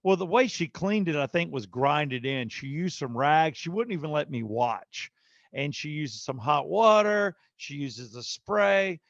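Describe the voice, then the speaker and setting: Gravelly-voiced man telling a story. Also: a little high, a little slow, no echo, dull audio. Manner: animated storyteller, acting out quotes. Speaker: podcast co-host. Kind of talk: casual storytelling chat.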